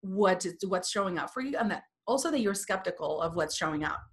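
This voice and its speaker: Woman, podcast guest and coach, energetic, acts out quotes. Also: on the low side, a little fast. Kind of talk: podcast interview.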